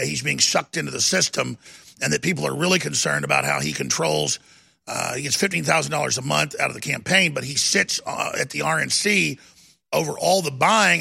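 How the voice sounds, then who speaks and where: A man's voice: a little high, gravelly, sharp tone, slightly rough, dry recording, clean studio sound. A middle-aged man hosting a political talk show, delivering an emphatic, ranting monologue. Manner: emphatic, ranting, restarts and rising intensity.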